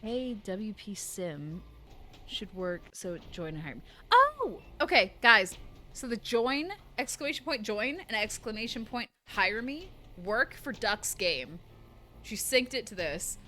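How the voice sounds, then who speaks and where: A woman's voice: medium pitch, expressive, measured pace, pushed and bright, faint music behind. A young woman streaming a game live, chatting with her viewers and reading their messages aloud. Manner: chatty, reads chat aloud, bursts of laughter.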